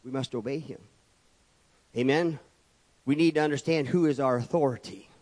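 Preaching at a moderate pace in a mid-range, slightly mellow voice, this pastor stands at the pulpit of a church. He layers his points through repetition and calls out for amens.

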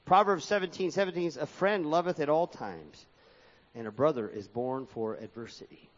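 A man's voice: a little high, moderate pace. A man preaching a sermon with a sing-song cadence that swings up and down, reading scripture aloud in a church hall. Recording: dull lo-fi sound with long hall reverb.

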